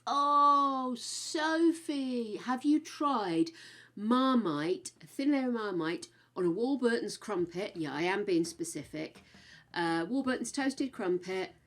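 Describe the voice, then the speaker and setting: Woman chatting to her stream chat, frank and sweary, bit of quiet music behind. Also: mid-range voice. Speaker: game streamer. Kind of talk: casual chat with live stream viewers.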